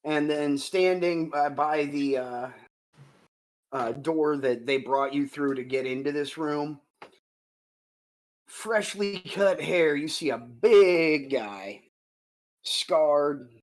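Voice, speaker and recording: Slow, unhurried male game master. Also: a little high, expressive, low-quality recording. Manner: unhurried, descriptive, with fillers. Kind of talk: narrating a tabletop game.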